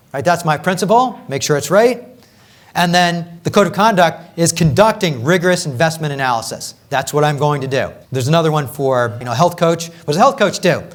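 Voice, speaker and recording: A man with a somewhat high voice runs a live coaching workshop. He talks in an energetic, conversational way, repeating phrases for emphasis and often asking "right?" to keep the audience with him. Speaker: executive coach leading a workshop.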